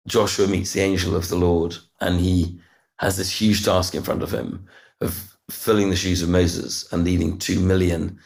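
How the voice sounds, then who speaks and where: A middle-aged man, telling a personal story as a podcast guest, earnest and halting, often restarting and repeating words. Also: deep voice, gravelly, darkish tone. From United Kingdom. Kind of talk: reflective storytelling interview.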